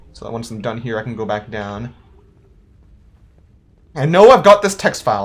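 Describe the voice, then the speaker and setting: A young adult playing a game and chatting casually, thinking aloud, questioning themselves and laughing now and then. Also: mid-range voice. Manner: playful, quick to laugh. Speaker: let's-play gamer. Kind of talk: casual gameplay commentary.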